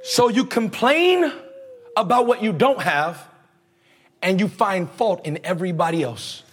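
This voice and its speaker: Man preaching, high voice, swooping lively delivery, call-and-response, slangy and animated. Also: unhurried, slightly rough. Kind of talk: conversational sermon.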